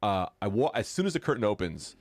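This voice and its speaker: A man, a comedian guest on a podcast, telling a long story in an animated, profane way. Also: on the low side, fast, no echo.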